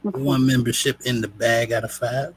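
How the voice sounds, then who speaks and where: A man hosting a live stream, casual and slangy, shouting out viewers. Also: mid-range voice, steady tone, normal speed, breathy edge, low-quality recording. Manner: laid-back, slangy, says "you know what I'm saying". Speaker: show host.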